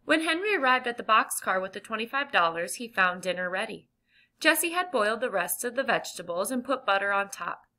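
A woman reading a children's chapter book aloud with clear, gentle emphasis. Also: fairly high pitch, very animated, a little fast. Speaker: audiobook reader. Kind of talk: children's storybook narration.

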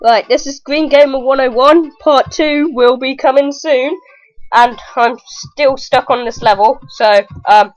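A woman commenting on her own gameplay, excitable and exclaiming loudly at the game. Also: high voice, unhurried, highs cut off. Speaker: gaming video host. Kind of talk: let's play commentary. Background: faint game music.

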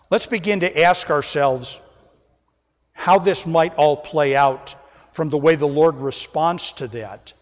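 A man's voice: a little high, slow pace, long pauses, long reverb tail. A man preaching an emphatic sermon as pastor, often calling the congregation folks, recorded during a church service. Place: church sanctuary.

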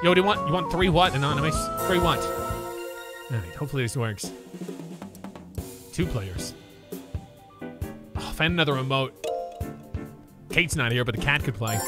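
A man streaming a video game, talking to chat with frustration, swearing and yelling at the screen. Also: fairly high pitch, sing-song, moderate pace, pauses often. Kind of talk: gaming livestream commentary. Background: game music.

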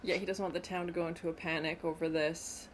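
A woman hosting a casual movie reaction, chatting and exclaiming loudly at scary scenes. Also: lowish voice, flat delivery, fast talker, background noise. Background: movie soundtrack playing.

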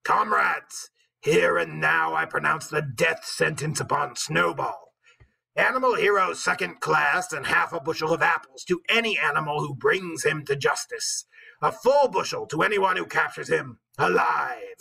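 A scheming tyrant pig barks commands in a bright, tense voice with a gravelly edge, as a man reading aloud puts him on. He rouses the farm with loud, forceful declarations. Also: a little high, a little slow, heavily acted, poor audio. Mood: roaring. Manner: commanding, roaring speeches. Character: domineering male pig leader, scheming tyrant.

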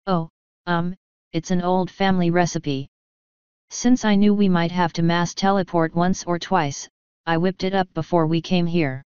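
A woman's voice: on the low side, steady tone, moderate pace, darkish tone, clear, resonant tone, no room sound, natural voice. Woman doing a hesitant young unicorn mare. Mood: sheepish. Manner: hesitant, stammering. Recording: dull lo-fi recording.

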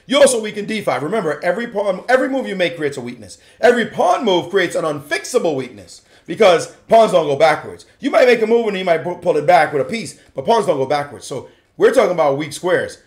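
A man's voice: high-pitched, very animated, fast. A man giving playful, slangy chess commentary as a grandmaster analyst, acting out what the players might be thinking.

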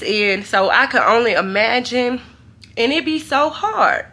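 A woman's voice: a little high, normal speed, pushed and bright. A young woman, talking to camera in a hotel room, chatty and emotional. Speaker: vlogger. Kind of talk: casual vlog talk to camera.

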